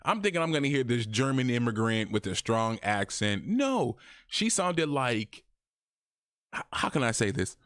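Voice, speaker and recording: A man talking casually in a review vlog, chatty and animated, his voice jumping higher when he quotes people. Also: normal speed, no room sound, studio quality. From Arizona, USA. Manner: chatty, animated, often rises in pitch when quoting. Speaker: YouTube reviewer.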